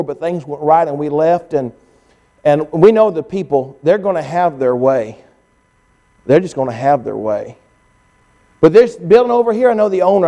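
A male pastor preaching a sermon, telling stories and acting out what others said to him, often rising to an excited, strained pitch. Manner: storytelling preacher, climbing to high excited pitch when quoting others.

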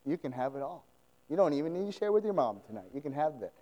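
A man preaching, voicing a poor widow mother in a soft, hushed, earnest tone. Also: a little high, big pitch swings, fast talker, long reverb tail, dull audio.

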